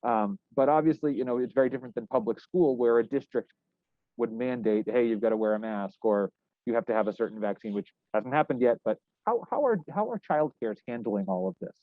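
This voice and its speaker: A young man working as a news reporter, asking questions in a casual, halting way with many restarts. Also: mid-range voice, lively intonation, dry recording. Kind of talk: casual interview. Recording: dry, tinny phone-like line.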